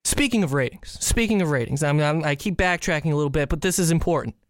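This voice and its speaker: A man from the Chicago area hosting a podcast, telling a story in an animated, incredulous way. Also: on the high side, quick pace, no echo, studio quality. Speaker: podcast host. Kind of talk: casual solo podcast rant.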